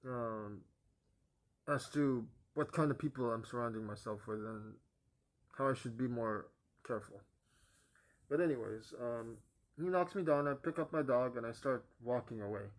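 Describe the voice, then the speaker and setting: A young man telling a personal testimony, halting with many pauses and fillers, his voice sinking quiet at the ends of phrases. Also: mid-range voice. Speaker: vlogger giving a personal testimony.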